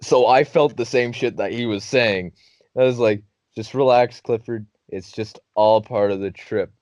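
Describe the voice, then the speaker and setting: A young man hosts a podcast and tells a long story in a loose, animated way, laughing and swearing as he acts out his friends. His voice sits at an ordinary male pitch. It comes through a dull, lo-fi recording with almost no room sound. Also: a little slow, no room sound. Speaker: podcast host. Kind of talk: casual storytelling.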